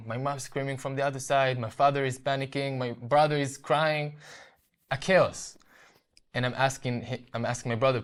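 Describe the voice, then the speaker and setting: A man's voice: mid-range voice, steady tone, clear, resonant tone. Earnest Israeli man telling his story. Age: young adult. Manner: earnest, halting, with frequent restarts and repeated words. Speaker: interview guest. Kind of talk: personal testimony in an interview.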